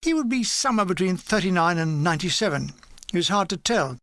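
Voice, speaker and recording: A man with a high, bright voice reads a comic war memoir with dry, deadpan timing. The recording is close and dry, with no room sound. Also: quick pace, dry recording. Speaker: audiobook narrator.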